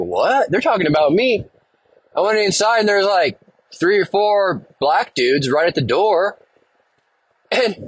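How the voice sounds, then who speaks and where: A man's voice: high-pitched, a bit bright, husky, no room sound, poor audio. A male podcast host telling a long, rambling, profane story in a laid-back way. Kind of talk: casual storytelling monologue.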